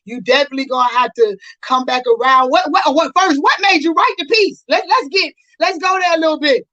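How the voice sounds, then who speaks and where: A woman's voice: high voice, a little fast, bright, forceful tone, no room sound, muffled recording. A woman hosting a casual interview, talking in an enthusiastic, slangy way as she praises a guest's piece. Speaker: show host.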